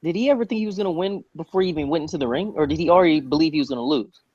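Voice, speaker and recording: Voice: mid-range voice, very fast, a little mellow, husky, no echo. A co-host in a casual fight chat, giving blunt, joking commentary. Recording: dry lo-fi audio.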